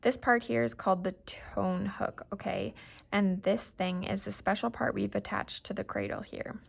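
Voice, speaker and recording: A woman voicing a patient male ear doctor in an audiobook reading, explaining things gently and reassuringly. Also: mid-range voice, lively intonation, normal speed, creaky, slightly rough, full character voice.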